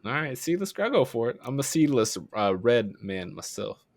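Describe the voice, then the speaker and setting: Lively joking man, podcast co-host. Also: moderate pace. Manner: laughing, joking, animated pitch swings. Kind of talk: casual comedic chat.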